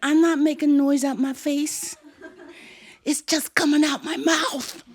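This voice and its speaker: A woman voicing an excitable, wiggly little girl who talks in an eager, cheeky way. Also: high voice, unhurried, voice pushed up. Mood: cheeky protesting.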